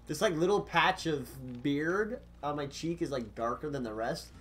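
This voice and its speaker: Young male streamer, bright and forceful, joking banter with friends. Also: a little high, animated, moderate pace, soft background music. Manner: laughing, swearing banter. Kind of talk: casual gaming chat.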